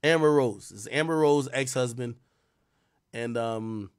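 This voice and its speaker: A man's voice: medium pitch, unhurried, clear, resonant tone. A man hosting a live stream, giving casual, rambling commentary full of profanity and trash talk. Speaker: livestream host.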